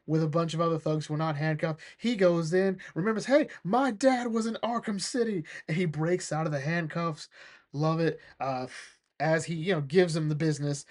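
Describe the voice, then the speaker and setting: A man giving a casual recap of a comic book, animated and quick to laugh, acting out the characters' lines as he goes. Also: fairly high pitch.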